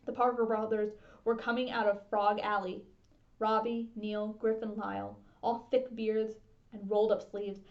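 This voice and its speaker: A woman librarian reading a children's novel aloud with steady, expressive narration. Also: mid-range voice, a little slow. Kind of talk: storybook read-aloud. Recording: dull lo-fi sound.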